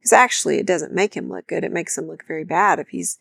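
A woman with a somewhat low, gravelly voice co-hosts a podcast. She talks thoughtfully and backs her advice with practical examples. The recording is close and dry. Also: fast, a bit bright, dry recording. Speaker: podcast co-host. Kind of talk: instructive marriage talk.

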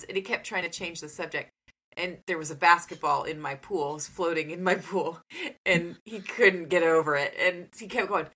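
A woman co-hosting a casual chat, telling stories in an animated way. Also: normal speed. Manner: animated storytelling, high-pitched when quoting a toddler.

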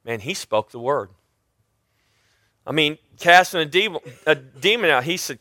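A high-pitched man preaching with a loud, emphatic delivery, his voice bright and forceful. He often restarts his sentences as he teaches from scripture. The sound is dry and close, with no room echo. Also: animated, normal speed, long pauses. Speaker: Bible teacher. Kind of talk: sermon-style Bible teaching.

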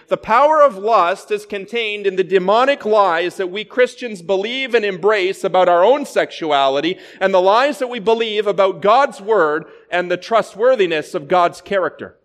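A man preaching a sermon as a pastor, with measured storytelling delivery. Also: high-pitched.

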